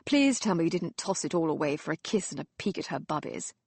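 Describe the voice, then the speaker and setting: A woman voicing a drunken, mocking young Victorian gentleman who talks loudly and slurs his words. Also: deep voice, very animated, fast talker, slightly rough, no echo, exaggerated voice. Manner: loud, slurring, teasing.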